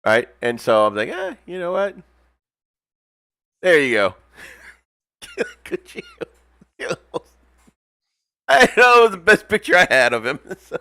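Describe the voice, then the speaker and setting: A man's voice: medium pitch, measured pace, pauses often, no room sound. A man hosting a casual hobby livestream, telling stories in a loose, slangy way, often laughing and acting out the people he quotes. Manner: animated storyteller, acts out quoted voices. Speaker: hobby stream host.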